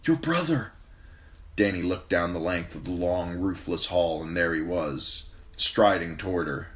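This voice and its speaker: Low-voiced male hobby reader, steady fantasy narration. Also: moderate pace. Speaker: amateur audiobook reader. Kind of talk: reading a fantasy novel aloud.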